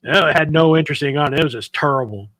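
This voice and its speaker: A man co-hosting a paranormal talk stream, talking haltingly with lots of fillers and repeated words. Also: a little high, a bit bright, no echo, poor audio. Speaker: paranormal investigation podcast co-host. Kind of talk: casual chat.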